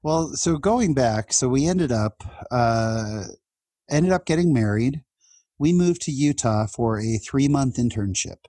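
A middle-aged man from California telling a personal story in conversation, his voice jumping up when excited. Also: medium pitch, unhurried, dry recording. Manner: animated, voice jumps up when excited.

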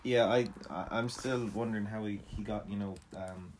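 A man's voice: on the low side, fairly even intonation, normal speed, noisy background. A man co-hosting a casual podcast, teasing his partner and laughing often. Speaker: podcast co-host. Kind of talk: casual chat.

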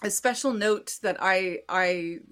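A woman in her thirties co-hosting a casual movie review podcast, retelling the plot in an animated way with lots of "like". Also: mid-range voice, takes it slowly, clean tone, faint music behind. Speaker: podcast co-host.

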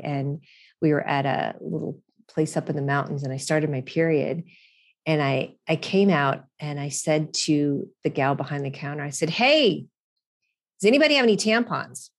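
Middle-aged woman, low deep voice, frank and chatty solo podcast host. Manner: candid, chatty and profane, with frequent restarts and laughter. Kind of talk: casual solo podcast monologue.

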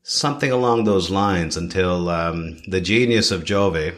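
Animated man in his thirties, low voice. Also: a little slow. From Canada. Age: 30s. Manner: expressive, swings in pitch, repeats phrases for emphasis. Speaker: chef, guest. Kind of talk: podcast interview.

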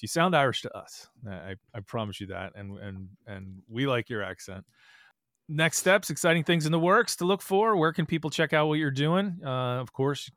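A man's voice: on the low side, a bit bright, dry recording, studio quality. A man hosting a golf podcast, asking stop-start questions in a friendly, affirming way. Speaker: podcast host. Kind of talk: casual podcast interview.

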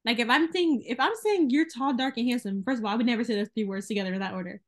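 A woman's voice: a little high, rapid-fire. A young woman hosting a podcast, talking in an emphatic, wry casual chat. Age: young adult. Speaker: podcast host.

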